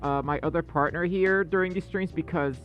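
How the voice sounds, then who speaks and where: A male livestream host chatting casually with viewers, excitable and self-deprecating. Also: a little high, brisk, highs cut off, soft background music.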